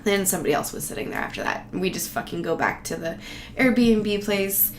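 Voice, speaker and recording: A woman's voice: medium pitch, lively intonation, a little fast. A woman telling a casual, rambling travel story, profane and sarcastic. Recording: roomy echo, faint background noise.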